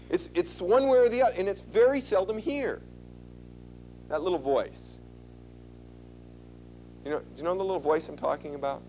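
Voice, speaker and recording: A man with a slightly high voice lectures an audience in a chatty, emphatic way. He keeps turning to his listeners with questions. A faint hum sits under the recording. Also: a little mellow, poor audio. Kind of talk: instructional talk.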